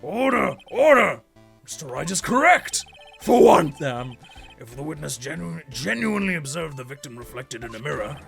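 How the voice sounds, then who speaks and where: Man doing a blustering old judge, booming, shouting. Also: lively intonation, fairly quick, gravelly. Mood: stern. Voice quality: booming, shouted gavel calls. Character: blustering elderly male judge. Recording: game music behind the voice.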